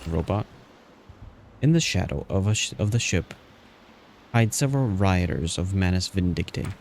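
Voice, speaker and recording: A man's voice: sits low, animated, normal speed, gravelly, darkish tone, slight background noise. A man streaming a game, reading its story text aloud in a plain voice with small restarts.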